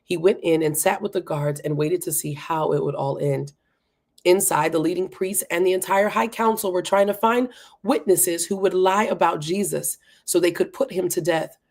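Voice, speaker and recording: A woman's voice: lowish voice, normal speed, darkish tone. A woman hosting a Bible reading challenge, reading Scripture aloud and breaking off for casual, chatty commentary. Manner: breaks off to chat and laugh at herself.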